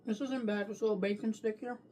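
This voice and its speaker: A woman's voice: mid-range voice, steady tone, fairly quick, dark tone, a little hiss or hum. A woman reviewing takeout food on camera in a casual, profane way, talking while she eats and ranting freely. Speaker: food vlogger.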